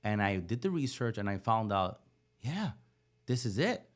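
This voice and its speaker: Animated storytelling man. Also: fairly low pitch, normal speed. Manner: animated, acts out the voices in his stories. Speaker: podcast guest. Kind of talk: storytelling in casual conversation.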